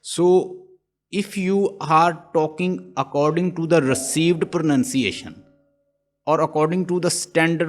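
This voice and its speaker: Guy teaching online, explains and repeats himself a lot, ordinary pitch. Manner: explanatory, repeats and restarts phrases. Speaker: English teacher. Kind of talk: online lecture.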